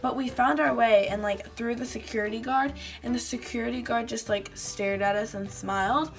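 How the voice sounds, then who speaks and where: Creaky-voiced woman rambling through a vlog. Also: a little high, steady tone, moderate pace. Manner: rambling, fillers of "like", acts out quotes. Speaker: vlogger. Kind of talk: casual chatty recap to camera.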